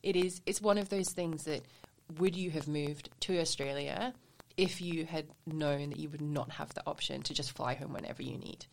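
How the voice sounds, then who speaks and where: Woman podcast co-host, very low and gravelly, reflective casual chat. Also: moderate pace.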